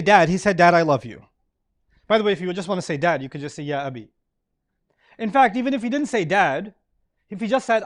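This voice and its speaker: A middle-aged man giving an animated religious lecture to a live audience, often asking them questions. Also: sits high, no echo, studio quality. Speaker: Islamic lecturer.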